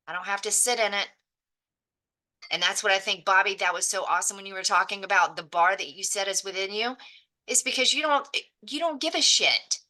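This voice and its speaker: Bright, blunt woman preaching. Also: mid-range voice, a little fast. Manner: preachy, blunt, swears freely. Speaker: real estate agent in a mastermind group. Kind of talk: impassioned motivational speech.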